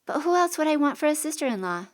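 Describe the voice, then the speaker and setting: A woman's voice: sits high, sing-song, fast talker, pitched above the performer's own voice. A woman voicing an eager thirteen-year-old boy who pleads earnestly, in a storybook reading. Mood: pleading.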